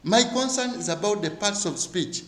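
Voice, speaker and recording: Man, high voice, teaching an exam review in an echoey room, lots of rhetorical questions. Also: animated, moderate pace, fairly bright tone. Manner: rhetorical questions, repeats key words for emphasis.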